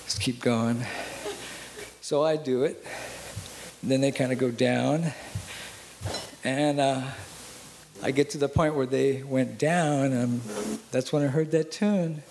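A man telling a personal story in an animated, self-mocking way, acting out the dialogue. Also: fairly high pitch, measured pace, pauses often, slight background noise.

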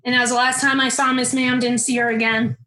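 Young adult woman storyteller, animated and candid; high voice, reverberant space. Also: quick pace. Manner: animated, candid, swears casually. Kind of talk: personal storytelling. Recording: roomy echo.

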